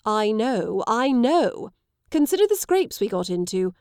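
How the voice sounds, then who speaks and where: A woman voicing a worried gentleman in an audiobook, anxious and exclamatory. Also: a little high, sing-song, measured pace, no room sound, studio quality. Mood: fretful. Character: worried gentleman, fretful and protective.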